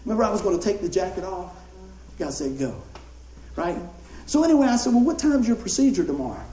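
A male pastor, telling a story in a sermon in an animated, conversational way. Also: high voice, fast talker, slight background noise. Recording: roomy hall echo.

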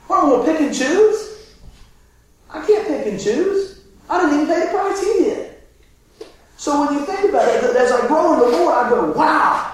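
Male pastor, sermon storyteller, animated with shouts; very high voice, big echo. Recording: very echoey hall, distant mic, faint noise.

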